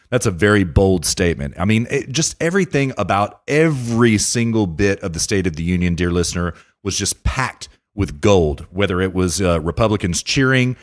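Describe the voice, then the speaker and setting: A man hosting a casual political podcast, ranting emphatically and addressing the listener directly. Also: fairly low pitch. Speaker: podcast host.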